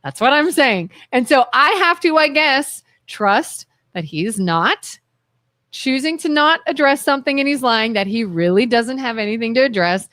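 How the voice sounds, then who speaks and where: A woman co-hosts a relaxed studio talk show. Her voice sits fairly high and swings widely as she recounts conversations, dropping lower to act out the other side. The sound is close and dry. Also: normal speed, no echo. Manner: animated, acts out quoted voices in a lower tone. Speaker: co-host. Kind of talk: casual radio talk.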